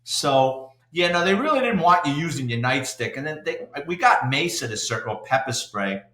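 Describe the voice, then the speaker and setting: An older man, a retired police detective telling salty, animated stories in an interview. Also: fairly high pitch, moderate pace. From New York City. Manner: salty, animated anecdote-telling with acted-out quotes. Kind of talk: storytelling interview. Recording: roomy echo.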